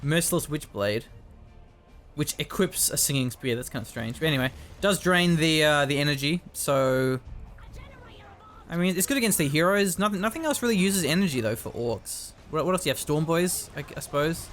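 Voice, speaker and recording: A man's voice: a little high, animated, moderate pace, a bit bright, soft background music. A man commentating a strategy video game in a casual, chatty way, often trailing off and restarting.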